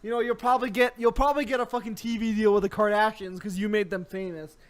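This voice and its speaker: Very high-voiced man ranting angrily. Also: steady tone, fast talker, a little hiss or hum. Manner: angry, swearing constantly, mock-threatening. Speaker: host. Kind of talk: comedic profane rant.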